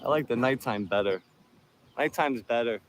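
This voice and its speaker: A man's voice: medium pitch, moderate pace, a little hiss or hum. A man filming outdoors on a handheld phone, taunting people in a profane, combative way. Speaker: video host filming encounters. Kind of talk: confrontational street filming.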